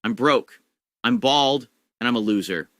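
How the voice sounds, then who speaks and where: A man's voice: medium pitch, unhurried, a bit bright, no room sound, studio quality. A man in a mocking, exaggerated rant, whiny and sarcastic.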